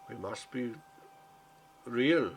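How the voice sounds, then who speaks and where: A man voicing a gentle, weary townsman who speaks in an earnest, halting way. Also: mid-range voice, animated, creaky, background noise, exaggerated voice. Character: gentle foreign male townsman, weary but hopeful.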